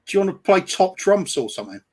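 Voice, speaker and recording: Guest fan, male, somewhat high voice, blunt casual take on the match, swears. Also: sing-song, fast talker, darkish tone, husky. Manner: frank, analytical, swearing. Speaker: guest fan on a watch-along stream. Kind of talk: casual football chat over a call.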